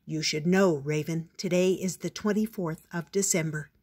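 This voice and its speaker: A woman voicing a wise, patient male owl in a storybook reading, calm and explaining. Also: on the low side, moderate pace, slightly rough. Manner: calm, explaining, a little stern.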